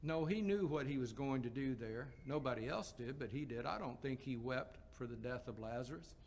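A man's voice: medium pitch, animated, normal speed, a little hiss or hum. A man preaching a sermon, explaining scripture passages with quotes and rhetorical questions.

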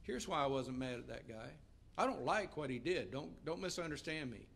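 A man's voice: medium pitch, lively intonation, normal speed, creaky, a bit bright, breathy edge. A middle-aged man preaching a sermon as pastor, earnest, raising his voice to read scripture aloud.

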